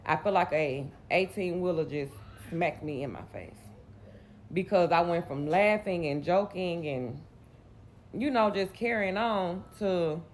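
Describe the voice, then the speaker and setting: A Southern US woman from Mississippi in her late twenties, telling a personal story in a candid, rambling way. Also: on the low side. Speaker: vlogger.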